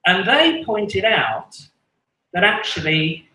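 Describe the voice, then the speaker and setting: A man's voice: sits high, very animated, slow pace, pushed and bright. A man with an English accent doing self-deprecating stand-up comedy at an open mic, chuckling at his own jokes. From England. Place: small live venue. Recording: echoey room.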